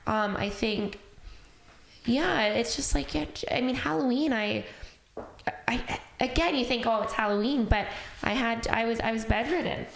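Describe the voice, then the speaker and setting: A woman's voice: on the high side, unhurried, gravelly, echoey room, slight background noise. A woman hosting a podcast, speaking earnestly and openly about her grief as a parent. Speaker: podcast host, bereaved parent. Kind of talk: heartfelt conversational podcast talk.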